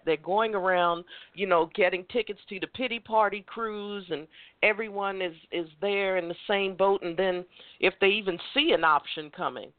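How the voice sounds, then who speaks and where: A woman's voice: medium pitch, no room sound. A woman hosting a casual chat, encouraging and motivational, often repeating words as she goes. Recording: dry tinny phone line.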